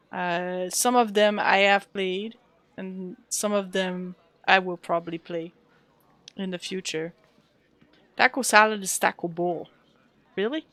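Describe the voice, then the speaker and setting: A woman's voice: mid-range voice, a bit bright, no room sound. A woman streaming a role-playing game, chatting casually and thanking her viewers. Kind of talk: casual live-stream chat while playing.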